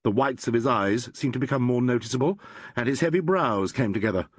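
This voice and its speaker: A man narrating a classic crime novel as an audiobook, reading in a measured, expressive way. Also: medium pitch, dry recording.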